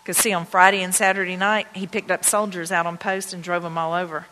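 A woman pastor telling personal stories in a conversational, excited sermon to her congregation. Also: fairly low pitch, a little fast, a little hiss or hum. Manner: conversational, anecdotal, excited retelling. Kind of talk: storytelling sermon. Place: church sanctuary. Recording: long church-hall reverb.

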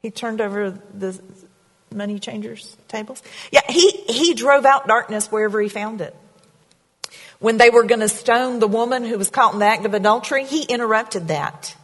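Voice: mid-range voice, moderate pace, a bit bright. A pastor preaching a sermon in a church, in a conversational way, asking the congregation questions. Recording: reverberant hall sound.

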